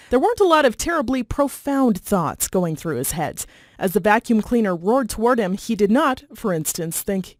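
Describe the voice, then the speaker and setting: A woman reading chapters of a children's novel aloud in a measured, steady narration. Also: medium pitch, dry recording, clean studio sound. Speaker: reader. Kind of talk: storybook read-aloud.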